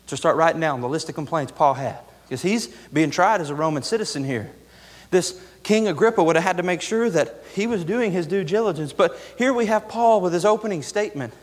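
High-voiced fervent young preacher, echoey church. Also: male voice. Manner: fervent, repetitive preaching cadence. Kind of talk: sermon. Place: church sanctuary. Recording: echoey church hall reverb.

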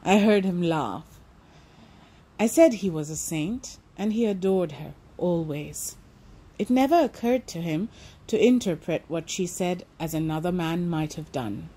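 A woman narrating an audiobook, calm and measured, first reflecting thoughtfully and then reading the story. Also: lowish voice. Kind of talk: reflective commentary and book reading.

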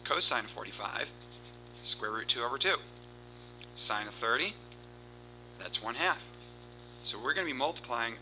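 A man teaching a recorded math lesson, explaining steps in a steady, explanatory way and reciting formulas in a rhythmic cadence. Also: medium pitch, a little hiss or hum, low-quality recording. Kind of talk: recorded lesson with board work.

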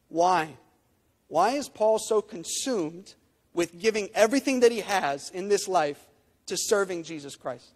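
High-voiced man preaching in a reverberant hall. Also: darkish tone. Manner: emphatic, repeats phrases and asks rhetorical questions. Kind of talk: sermon. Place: church sanctuary.

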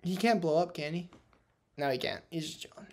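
Excitable young man chatting over a game. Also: a little high, a little fast, heavy background noise. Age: young adult. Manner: excitable, laughing, prone to loud outbursts. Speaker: gaming channel host. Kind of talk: casual gaming chat.

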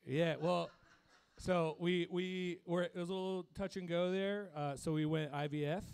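Young man, stand-up comic, crude jokes, self-deprecating, higher-pitched voice. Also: fairly even intonation, normal speed, gravelly, darkish tone, clear, resonant tone. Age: young adult. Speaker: stand-up comedian. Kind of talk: stand-up set.

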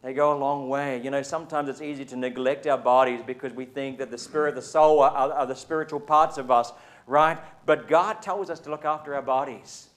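New Zealand pastor preaching conversationally. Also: male voice, medium pitch, fairly even intonation, fairly quick. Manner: conversational, often asks the congregation "right?". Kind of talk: sermon. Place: church service.

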